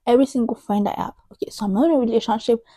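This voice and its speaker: Woman, thirties, book vlogger, emphatic, exasperated, mellow tone, dry close recording. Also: on the high side, rapid-fire, dry recording. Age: 30s. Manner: emphatic, exasperated, repeats herself for effect. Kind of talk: chatty opinion vlog.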